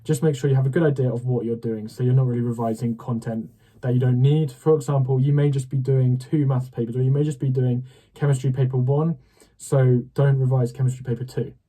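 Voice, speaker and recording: A man's voice: medium pitch, fairly even intonation, fairly quick, warm tone. A young man, giving casual study advice straight to the camera in a direct, upbeat way and often checking in with "okay?". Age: late teens. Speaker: student study-advice YouTuber.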